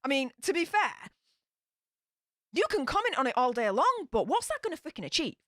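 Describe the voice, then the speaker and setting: A young woman with a broad Yorkshire accent talks frankly to her stream, rambling through fillers and sighs. Her pitch sits fairly high and swings widely. The sound is close and dry, with no room echo. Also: sing-song, normal speed, fairly bright tone. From Yorkshire, England. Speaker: YouTube streamer. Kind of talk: casual live-stream chat.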